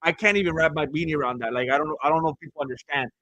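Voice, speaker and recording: A man's voice: on the high side, racing, pushed and bright, no room sound, poor audio. A man streaming a fight watch-along, chatting casually and rambling through stories between reactions. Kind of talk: casual live commentary.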